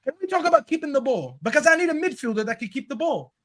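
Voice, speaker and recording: A man's voice: very high voice, sing-song, quick pace, fairly bright tone, slight background noise. A man whose first language is Arabic, ranting emphatically and swearing freely in a heated football debate on a podcast panel.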